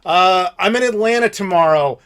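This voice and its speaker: An American man in his thirties hosting a live Q&A stream, telling stories in a blunt, animated, profane way. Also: high-pitched, moderate pace. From United States. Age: 30s. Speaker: channel host.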